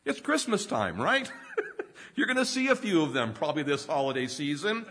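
A man's voice: a little high, sing-song, normal speed, fairly bright tone, husky. A man in his fifties preaching a sermon, telling humorous self-deprecating stories and often laughing mid-sentence. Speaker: pastor.

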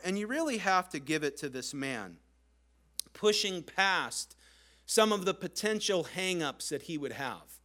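A man with a high, bright voice preaches a sermon, moving between conversational asides and slow, deliberate emphasis. He speaks earnestly, like a pastor drawing listeners into a scene. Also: smooth.

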